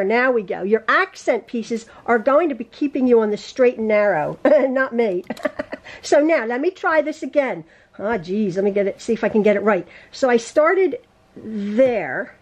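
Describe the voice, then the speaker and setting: A woman teaching a quilting lesson in her home sewing room, chatty and quick to laugh at and correct her own mistakes. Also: fairly high pitch, a little mellow. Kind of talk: casual sewing tutorial.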